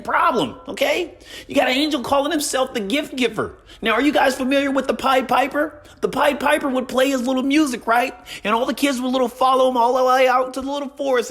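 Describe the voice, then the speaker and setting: A man dishes community gossip in a theatrical way, hammering the same one-word tag line and tossing in rhetorical questions. His pitch swoops from high squeaks down to low growls for effect. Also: fairly bright tone. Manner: dramatic, repeats "problem" and "right?". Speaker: community gossip show host. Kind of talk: casual gossip commentary.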